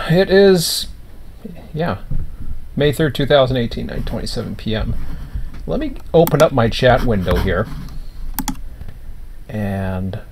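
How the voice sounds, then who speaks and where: A Canadian man talks through his live stream setup at home, thinking out loud as he adjusts things. His mid-pitched voice swings up and down a lot. A faint room hiss sits behind him. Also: rough recording. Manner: rambling, self-talking while fiddling with setup. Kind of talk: casual live stream chat.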